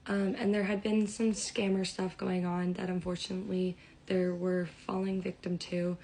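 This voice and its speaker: A young woman telling a storytime in an excited, rambling way. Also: lowish voice, moderate pace, poor audio. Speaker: vlogger.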